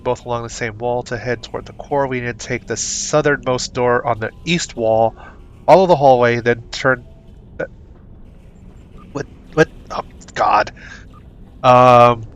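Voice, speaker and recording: A chatty man talks his way through a video game, excitable and quick to react. His voice sits at an ordinary middle pitch. A faint hum runs underneath the recording. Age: adult, not young. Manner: chatty, excitable, reads game text aloud. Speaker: gaming streamer. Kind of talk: casual let's-play commentary.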